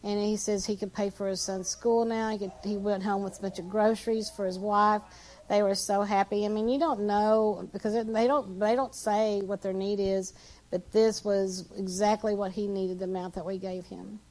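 A woman's voice: mid-range voice, little pitch movement, normal speed, poor audio. A woman from a church mission team chatting about trip photos in front of the congregation, with plenty of fillers. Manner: chatty, warm-hearted, with fillers. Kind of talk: casual talk presenting trip photos.

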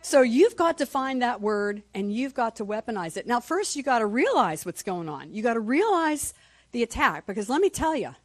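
Woman Sunday school teacher, lively swooping pitch, dry close sound, passionate. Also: brisk, no echo. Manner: passionate, animated, reads scripture aloud. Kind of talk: church teaching. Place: church.

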